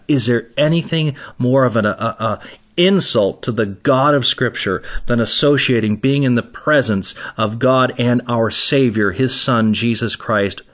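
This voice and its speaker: Man, Bible teacher, emphatic, animated, middle pitch. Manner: emphatic, animated retelling with acted quotes.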